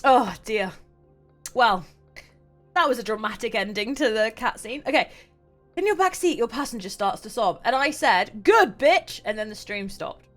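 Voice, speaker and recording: A woman's voice: on the high side, animated, normal speed, a bit bright, soft background music. A woman streaming a game, reading its text aloud and reacting with mock indignation.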